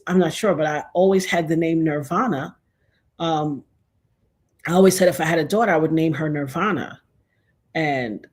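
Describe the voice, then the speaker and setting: A middle-aged woman telling a personal story in a casual, animated way, acting out the other people's lines as she goes. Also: on the low side. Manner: animated, acts out quoted dialogue.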